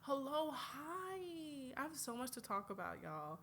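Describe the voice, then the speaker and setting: Young adult woman from Atlanta, solo podcast host, lively and chatty, bright tone. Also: high voice, unhurried, slight background noise. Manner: animated, chatty, swings between loud outbursts and quiet asides. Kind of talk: casual solo podcast chat.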